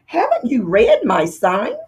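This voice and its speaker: A woman voicing a kindly, careful male mouse dentist in a storybook read-aloud, speaking high, firm and precise. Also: huge pitch swings, a little slow, a little mellow, husky, heavily acted.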